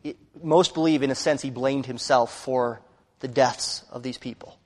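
A man preaching a sermon, telling a story earnestly and rising to loud emphasis. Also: medium pitch, steady tone, normal speed, in a large hall.

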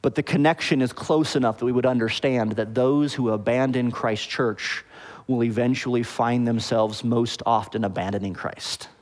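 A pastor preaching a sermon, explaining the meaning of words and often checking with the congregation whether it makes sense. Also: male voice, mid-range voice, steady tone, moderate pace, in a large hall. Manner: explains word meanings, asks the congregation "okay?" and "does that make sense?".

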